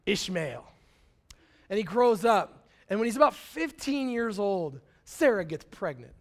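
A young man preaching a sermon in a casual, animated storytelling way, full of slang and acted-out quotes. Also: high-pitched, unhurried. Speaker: pastor.

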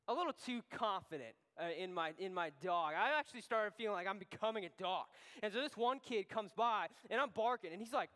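A man talking to a youth group as its pastor, telling a camp story in an animated way, with lots of restarts. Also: high-pitched. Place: church hall. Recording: long hall reverb.

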